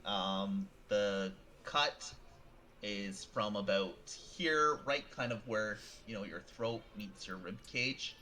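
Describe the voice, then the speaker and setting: A man with a low voice narrates a tabletop horror scene as game master. His narration rambles, with frequent fillers and restarts. A faint hiss sits behind him. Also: slow, pushed and bright, poor audio.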